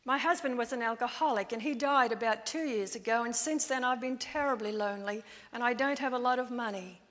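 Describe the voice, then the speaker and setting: A woman preacher retelling, in first person, the testimony of a lonely widowed woman, told quietly and confessionally. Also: on the high side, fairly quick, natural voice. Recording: long church-hall reverb.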